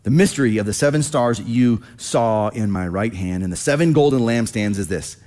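A man teaching a sermon in a conversational, animated way, acting out quoted lines as he explains scripture. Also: lowish voice, a little fast. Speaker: pastor.

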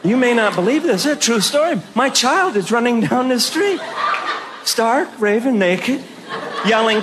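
A man's voice: very high voice, expressive, unhurried, a crowd in the background, background noise. A male stand-up comedian telling a story, acting out scenes in a mock-stern parent voice.

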